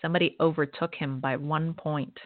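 Woman co-host, lower register, wry delivery, dead-dry phone-quality audio. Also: fairly even intonation, a little fast, no room sound. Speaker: podcast co-host. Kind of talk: hockey radio talk and scripted sponsor read. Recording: tinny phone-line sound, dry.

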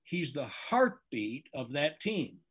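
Veteran male sports announcer, older, breathy edge to a raised voice, analytical interview guest. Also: a little high, big pitch swings, a bit bright. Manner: measured, analytical, emphatic.

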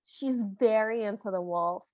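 A woman's voice: medium pitch, unhurried, a little mellow, no echo. A woman co-hosting a podcast, chatting casually and playfully, often laughing as she retells a cartoon. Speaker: podcast co-host. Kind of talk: casual chat.

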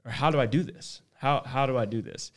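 A man's voice: medium pitch, a little fast. A man in casual conversation who thinks aloud and often restarts his sentences.

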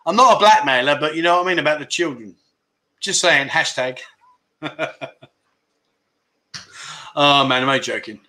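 A man's voice: fairly high pitch, moderate pace, pauses often, sharp tone. A middle-aged man hosting a casual livestream chat show, joking, teasing viewers and reading out their comments. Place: home in Pattaya.

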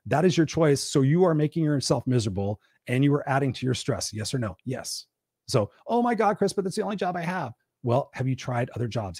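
A man's voice: a little mellow, husky, dry recording, studio quality. Emphatic man giving a motivational pep talk. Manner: preachy, emphatic, asks and answers his own questions; acts out whiny quoted complaints in a high voice. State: tired and burned out. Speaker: host of a weekly live stream; parent. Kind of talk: motivational live-stream talk.

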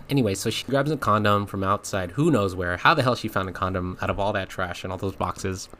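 A man's voice: low voice, brisk, pushed and bright, slight background noise. A man hosting a podcast, telling a story in a casual, rambling way with lots of fillers and frequent laughs. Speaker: podcast host.

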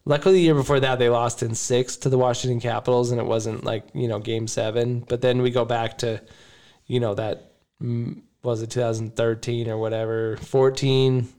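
A man's voice: mid-range voice, flat delivery, normal speed, darkish tone. A man in casual podcast chat, rambling and emotional. He laughs often and keeps circling back to his point in a mid-range voice. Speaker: podcast host.

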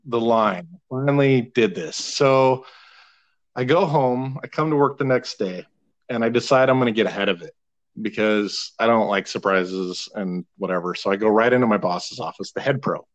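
A man in his thirties telling a long, animated, profane story in casual podcast chat, laughing now and then. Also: on the low side, normal speed, rough recording.

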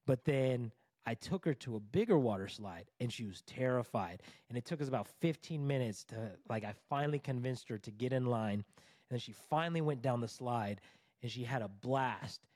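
A man in his thirties, a coach, telling a personal story in a casual interview, animated and conversational with lots of "like" and "bro". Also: medium pitch, moderate pace, dry recording, studio quality. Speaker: divorce recovery coach, podcast guest.

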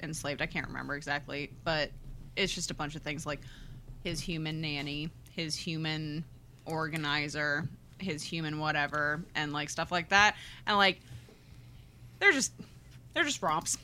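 A woman's voice: low voice, normal speed, pushed and bright, slight background noise. A woman co-hosting a book podcast in casual chat, gushing and laughing often. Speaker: podcast co-host.

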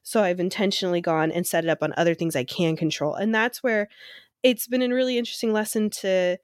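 A woman's voice: mid-range voice, fairly even intonation, brisk, no echo, clean studio sound. A young adult woman, a therapist co-hosting a podcast, chatting casually with frequent fillers. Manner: chatty, lots of fillers and laughter. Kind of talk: casual chat.

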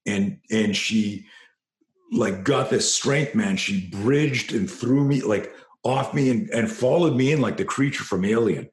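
A man's voice: on the low side, measured pace, echoey room. A man, a self-defense instructor, telling a story as an interview guest, passionate and profane, often restarting his sentences.

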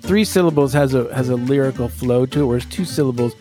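A man's voice: mid-range voice, fast talker, warm tone, soft background music. Playful wry podcast host, man. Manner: playful, wry, muses aloud. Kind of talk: casual chat.

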